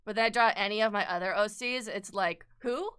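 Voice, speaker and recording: Drawing on a live stream, a woman rambles and chats casually, cursing freely and poking fun at herself. Her mid-range voice is fast, a little bright, and clean in tone.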